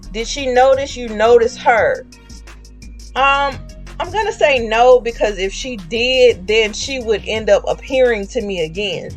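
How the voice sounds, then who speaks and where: A woman's voice: a little high, animated, measured pace, faint music behind. A woman streamer telling a story in a chatty way, acting out the voices of the people in it with slang. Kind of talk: casual storytelling.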